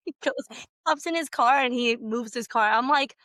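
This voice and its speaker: Woman podcast co-host, second-language English, casual storyteller: swears freely, says "like" often, fairly high voice, dry close sound. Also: moderate pace, dry recording. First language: not English. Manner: animated, laughing, swears freely, lots of "like".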